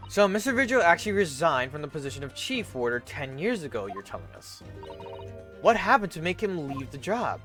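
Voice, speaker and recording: Man reading as a polite young lawyer, plain questions, slightly high voice, faint music behind. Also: big pitch swings, fairly quick, fairly bright tone. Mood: inquisitive. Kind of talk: reading game dialogue aloud.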